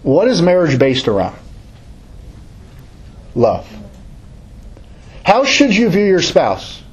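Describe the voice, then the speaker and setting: A man with a slightly husky voice leads a Bible study lesson, reading short passages aloud and then talking through them. His voice sits a little higher than most men's, and he speaks in a plain, unhurried classroom manner, with small restarts. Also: wildly swooping pitch, lo-fi sound. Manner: reads verses aloud, then explains them in a halting, casual way.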